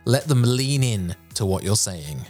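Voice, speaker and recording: A man hosting a podcast on presenting, speaking with an energetic, projected voice and careful, clear enunciation into a studio microphone. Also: on the low side, measured pace, music in the background. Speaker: podcast host.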